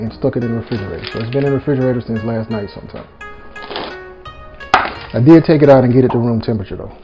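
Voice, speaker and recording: A man hosts a relaxed cooking vlog from his home kitchen, chatting in a folksy way straight to the viewers. His voice sits at a middling pitch and comes through dull and lo-fi, with music playing underneath and a pan sizzling. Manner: folksy, keeps addressing viewers as "y'all". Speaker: home cook, channel host. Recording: dull lo-fi audio with music bed. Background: background music and sizzling pan.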